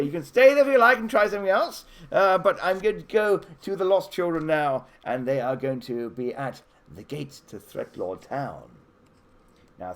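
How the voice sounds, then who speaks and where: Male game master, lively swooping delivery, slightly high voice, narrates a kids' tabletop adventure. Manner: animated storytelling, offering choices.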